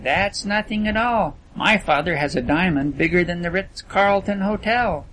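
A man's voice: high voice, moderate pace, fairly bright tone, voice pushed up. A man voicing a boastful, scornful wealthy teenage boy in an audiobook reading. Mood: hushed. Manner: lofty, dismissive boasting.

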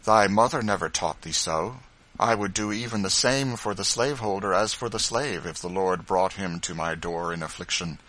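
A man voicing a grave and kindly Quaker father in a storybook reading, steady and firm in his speech. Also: sits low, moderate pace, poor audio.

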